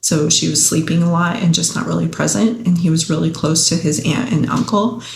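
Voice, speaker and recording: Gravelly-voiced woman in an echoey room. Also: on the low side, fairly even intonation, a little fast. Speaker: podcast guest. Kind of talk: conversational interview answer. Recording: echoey room, faint background noise.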